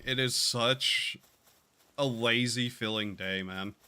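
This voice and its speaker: A man's voice: mid-range voice, slow, pushed and bright, clean tone. A man streaming a game, talking in a drawling, meandering way with sighs and casual swearing. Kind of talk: casual gaming stream chat.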